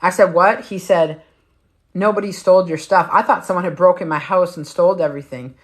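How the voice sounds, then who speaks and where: A woman's voice: fairly low pitch, steady tone, fairly quick. A woman hosting a weight-loss livestream, telling a personal story in a blunt, emphatic way with plenty of swearing. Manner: blunt, heavily profane, emphatic. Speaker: weight-loss challenge host.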